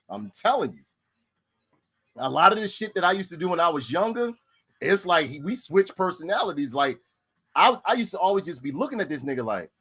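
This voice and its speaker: A middle-aged man tells stories in casual, profane chat. His fairly high voice swoops up and down with a lot of life. He repeats lines for effect. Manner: animated, profane, repeats himself. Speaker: storyteller.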